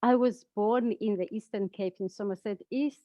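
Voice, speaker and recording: A woman's voice: mid-range voice, moderate pace, dry recording, lo-fi sound. A woman from South Africa with a South African accent, chatting on a video call and patiently teaching how to say her name. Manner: patient, teaching pronunciation step by step. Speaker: guest, founder. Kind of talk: casual video call conversation.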